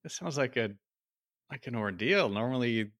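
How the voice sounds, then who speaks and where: A man's voice: medium pitch, animated, normal speed, a bit bright. A man co-hosting a casual podcast, asking easygoing questions. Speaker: podcast co-host.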